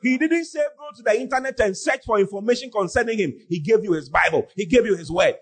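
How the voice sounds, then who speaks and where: A man preaching on a podcast, scolding with animated rhetorical questions and shouting for emphasis. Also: extremely high pitch, brisk.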